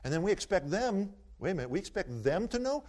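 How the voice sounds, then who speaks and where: A man's voice: high voice, very animated, fast talker, a little mellow. Folksy, preacherly male speaker. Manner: rhetorical, preacherly emphasis. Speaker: speaker taking audience questions. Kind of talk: folksy storytelling lecture.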